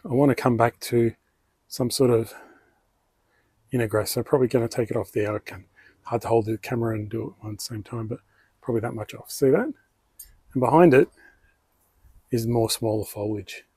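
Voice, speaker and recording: A man's voice: medium pitch, normal speed, pauses often, mellow, husky, no room sound. A man with an Australian accent hosting his own bonsai channel, explaining tree care in a casual, rambling way that often corrects itself. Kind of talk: casual hands-on tutorial.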